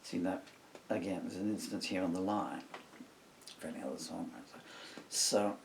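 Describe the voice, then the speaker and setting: Man, middle-aged, low gravelly voice, rambling musing monologue, distant mic with faint hiss. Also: normal speed. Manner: musing, digressive, talks to himself. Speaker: songwriter. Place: home room at a table.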